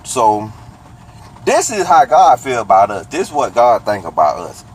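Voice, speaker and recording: A man casually teaching from the Bible, breaking down the meaning of words and rereading verses slowly. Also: mid-range voice, big pitch swings, husky, low-quality recording.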